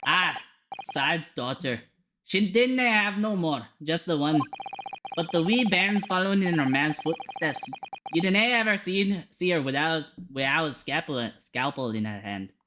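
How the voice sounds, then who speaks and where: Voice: medium pitch, animated, a little slow, background noise, close to an everyday voice. A streamer putting on a jovial Scottish governor. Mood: gossipy. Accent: put-on Scottish. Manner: folksy, chuckling, heavy Scots words like laddie, ken, wee bairn. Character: jovial older male Scottish prison governor. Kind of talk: reading game dialogue aloud on a live stream. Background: game music.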